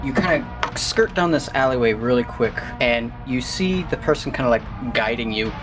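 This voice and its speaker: A male game master narrating a tabletop scene in a relaxed, rambling way, full of fillers. His voice sits at a middle pitch, with faint music running underneath. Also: moderate pace.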